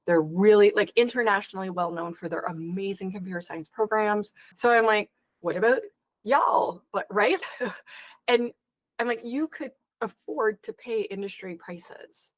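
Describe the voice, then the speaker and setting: A woman guest on a podcast, talking in a lively, exasperated way and acting out both sides of past conversations. Her voice sits in the middle of the usual range for a woman. The sound is close and dry, with almost no room around it. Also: medium pitch, moderate pace, no room sound, poor audio. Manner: animated, exasperated storytelling with quoted dialogue. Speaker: podcast guest, security educator. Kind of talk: conversational interview.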